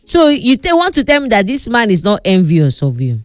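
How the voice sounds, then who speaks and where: A woman's voice: medium pitch, wildly swooping pitch, brisk, no echo. Nigerian Pidgin woman, blunt advice vlogger, dry close voice, faint music under her. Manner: scolding, emphatic, repeats for stress. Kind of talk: casual advice talk.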